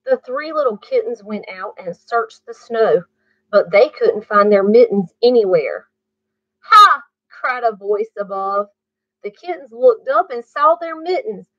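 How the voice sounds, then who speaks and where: A woman reading a bedtime story aloud to children, pausing to ask the listener questions. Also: fairly high pitch, lively intonation, dry recording. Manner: slow, asks the listener questions. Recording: muffled dry recording.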